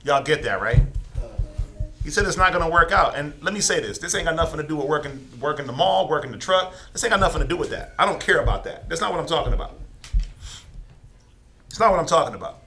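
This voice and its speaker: A man leads a Bible class in a loose, conversational preaching style. His voice is bright and forceful and sits a little high. He keeps asking the class rhetorical questions. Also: lively intonation, quick pace. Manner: informal, many rhetorical questions.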